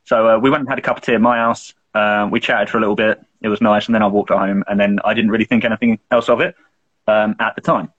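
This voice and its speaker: A man's voice: on the low side, steady tone, fast talker, fairly bright tone, husky, muffled recording. A young man co-hosting a podcast, telling a long personal story in casual chat, full of swearing, fillers and restarts. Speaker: podcast co-host.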